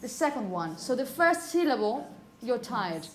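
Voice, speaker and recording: A woman teaching a pronunciation class, calling on students and asking "okay?" often, and repeating words slowly. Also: fairly high pitch, sing-song. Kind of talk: classroom phonetics lesson.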